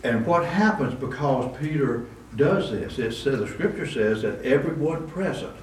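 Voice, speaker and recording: A man's voice: mid-range voice, lively intonation, measured pace. A man preaching a conversational sermon, with asides and restarts, recorded in a church. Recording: roomy echo, distant mic, faint room noise.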